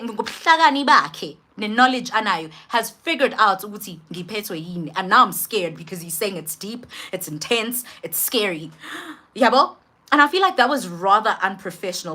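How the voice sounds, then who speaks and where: A young woman with a South African accent who tells a personal story in a casual vlog, switching between English and Zulu in an animated, slangy way. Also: on the high side. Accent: South African, mixing in Zulu. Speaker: vlogger.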